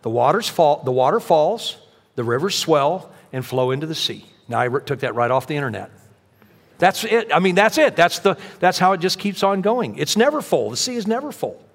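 A man preaching a sermon as pastor, telling stories in an animated way and acting out the voices he quotes. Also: on the high side, moderate pace. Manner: animated storytelling, acts out quotes. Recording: long hall reverb.

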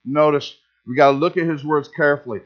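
High-voiced male pastor preaching, lo-fi. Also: steady tone, fast. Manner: emphatic, repeats key phrases, asks the congregation questions. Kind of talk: sermon. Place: church service.

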